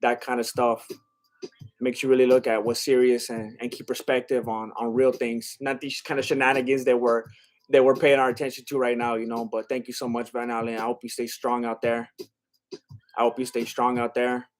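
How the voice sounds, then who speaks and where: A man's voice: mid-range voice, flat delivery, fairly quick. A man doing live-stream reaction commentary, reading chat aloud and talking straight to his viewers with many restarts. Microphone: laptop setup.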